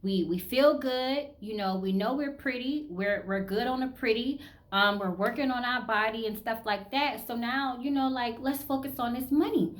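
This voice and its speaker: Woman, 30s, Southern US accent, fairly high voice, candid vlog chatter with lots of fillers. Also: moderate pace. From American South. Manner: candid, chatty, full of fillers like "you know" and "like". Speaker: vlogger. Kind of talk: casual personal chat to camera.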